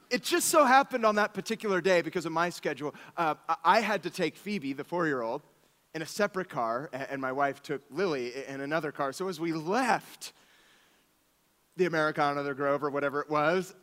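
A man in his thirties, a pastor preaching a sermon, telling stories with animated swings from soft asides to exclamations. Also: fairly high pitch, normal speed, in a large hall.

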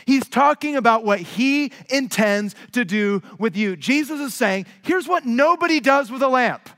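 A man with a notably high-pitched voice delivers a sermon to his congregation, leaning on repeated, emphatic phrases. He drifts between hushed, low-voiced asides and raised, pressing stresses. His words trail off into a long, rolling hall reverb. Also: expressive, unhurried. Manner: emphatic, repetitive rhetorical phrasing. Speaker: pastor. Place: large church sanctuary.

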